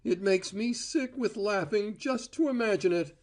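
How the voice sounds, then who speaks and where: A man reading an audiobook voices a furious, scornful young woman with a shrill, screaming tone. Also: normal speed, darkish tone, close to an everyday voice. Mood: cold, bitter. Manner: scornful and bitter. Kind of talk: audiobook character voice.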